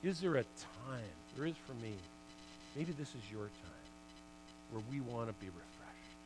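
A middle-aged man giving a sermon testimony in a church, an animated storyteller who swings from loud bursts to hushed asides. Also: mid-range voice, normal speed, noisy background. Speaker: guest preacher, former hockey player.

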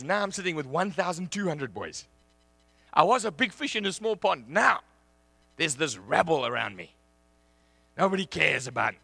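Animated high-voiced male preacher. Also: vocal fry, dry recording. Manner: animated, shouting and laughing through anecdotes. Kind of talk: sermon with storytelling.

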